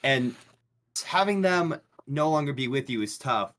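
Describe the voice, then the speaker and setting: A man playing his character in a tabletop game, talking in a halting way with restarts. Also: medium pitch, expressive, a bit bright. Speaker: player.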